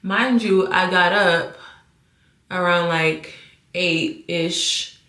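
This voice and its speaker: Slow-talking young woman in a roomy echo. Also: on the low side, fairly even intonation, fairly bright tone. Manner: exasperated, ranting to viewers. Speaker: vlogger. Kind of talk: casual chat to camera. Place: bedroom.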